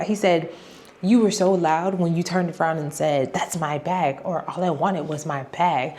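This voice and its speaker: A young woman vlogger telling a story in a chatty, animated way, acting out quoted lines as she goes. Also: on the low side, normal speed, slight background noise. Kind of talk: casual storytime vlog.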